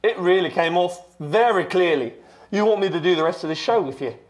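A menacing male Yeti with a London accent, as a man puts him on for a comedy podcast. He talks in a high voice that leaps up and down wildly, swearing and calling everyone mate. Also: expressive, brisk. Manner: threatening, swearing, calls people mate. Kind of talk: improvised comedy podcast bit.

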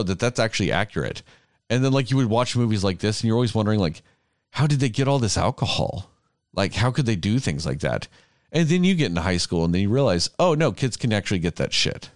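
Low voiced dude in his 30s, rambly, swears a ton, dry mic. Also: no echo. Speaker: podcast host. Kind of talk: casual chat.

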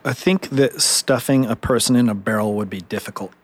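A man's voice: medium pitch, fairly quick. A man in a casual podcast chat, mostly giving short reactions and dry jokes.

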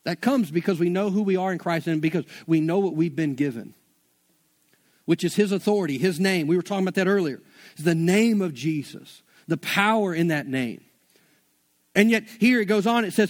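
A man's voice: high-pitched, a little fast. A man preaching a sermon in a casual, conversational way, mixing slang into his teaching.

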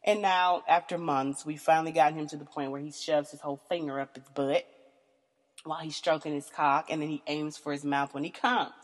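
Deep-ish voiced woman host, blunt and sweary, lots of "you know", long reverb around her voice. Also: fairly even intonation, a little fast. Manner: blunt, profane, frequent "you know" fillers. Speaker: podcast host. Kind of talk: candid casual storytelling monologue.

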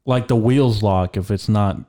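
A young man co-hosting a laid-back podcast speaks a little slowly, his voice low, mellow and relaxed. Constant swearing and filler words run through the crude stories he rambles through.

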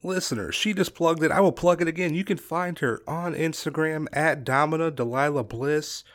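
A man's voice: fairly high pitch, normal speed. A man hosting a podcast and doing stand-up, laid-back and loose, swearing casually. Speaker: podcast host and comedian.

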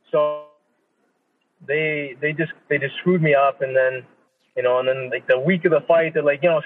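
A man's voice: fairly high pitch, moderate pace. Swearing man on a tinny phone line. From Canada. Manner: profane, animated storytelling with quoted inner speech. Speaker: professional boxer, guest. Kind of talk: casual interview storytelling. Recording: tinny phone-line audio with long reverb.

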